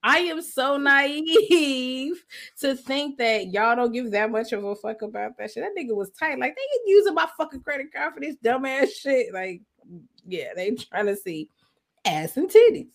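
Blunt, profane woman, fairly high voice. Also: lively intonation, normal speed. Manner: blunt, profane commentary with laughter. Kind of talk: casual chat.

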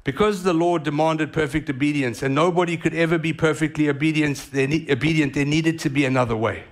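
Man, pastor, sermon, animated delivery, slightly high voice, casual asides. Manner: animated preaching with quick asides.

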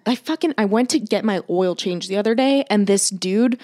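Young woman ranting with animated voices. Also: medium pitch, normal speed. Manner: swears often, acts out people in animated voices. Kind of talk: casual chat.

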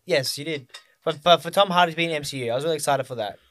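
A man's voice: on the high side, rapid-fire, fairly bright tone. A man in casual film chat, rambling and often losing his thread. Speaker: podcast co-host. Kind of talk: casual chat about films.

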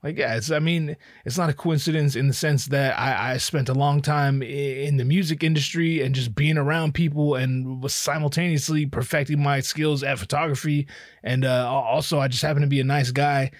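A man talks through a casual podcast monologue. He rambles, swears freely and mocks himself. His pitch sits in the middle, and the close mic is dry with no room sound. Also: fairly even intonation, moderate pace, no echo. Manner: rambling, profane, self-mocking. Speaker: podcast host. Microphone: podcast headphones and mic.

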